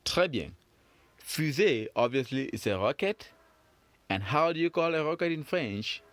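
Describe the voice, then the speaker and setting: A man teaching children French phonics, patient and encouraging as he repeats each sound. He speaks slowly with a very lively, rising-and-falling pitch. The recording is dry and close. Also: dry recording. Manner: slow, patient, encouraging, drawn-out repetitions.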